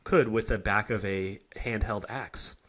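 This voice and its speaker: A man's voice: on the low side, fairly even intonation, measured pace, a crowd in the background. A young man in his twenties co-hosting a podcast, laid-back and profane, with lots of fillers. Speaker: podcast co-host. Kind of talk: casual podcast chat.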